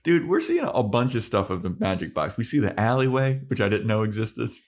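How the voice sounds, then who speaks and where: A man's voice: very animated, brisk. A man co-hosting a podcast, casually recapping an episode and acting out the characters' lines with swearing. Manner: retells scenes, acting out lines with pitch jumps and swearing. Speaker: podcast co-host.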